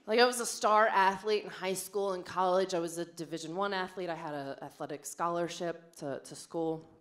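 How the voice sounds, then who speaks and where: A young woman with a lowish voice, speaking at normal speed, performs a brash, bawdy stand-up set on a large comedy club stage, acting out quotes in her stories. It's a live club recording with the audience audible.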